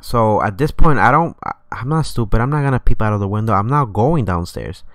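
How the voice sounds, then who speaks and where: A man with a low, smooth voice tells a spooky story on a live stream, rambling and animated and swearing often. The sound is dry and close, with little room around it. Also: brisk, dry recording.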